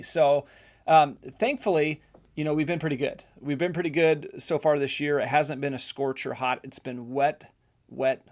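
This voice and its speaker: A middle-aged man hosting a physical therapy podcast, chatting his way through a personal story. He talks loosely, repeating words and leaning on fillers as he goes. His voice sits at an ordinary middle pitch. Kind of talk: casual storytelling monologue.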